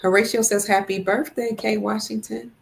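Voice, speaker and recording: A woman's voice: mid-range voice, fairly even intonation, moderate pace, gravelly, slight background noise. A woman hosting a casual livestream, greeting viewers by name and reading their comments, a little congested. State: congested, fasting. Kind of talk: casual live-stream chat.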